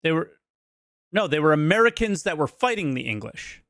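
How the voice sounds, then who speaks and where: Casting note: slightly high-voiced male co-host, dry sound, blunt and excitable. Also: moderate pace, no room sound. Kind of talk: casual chat.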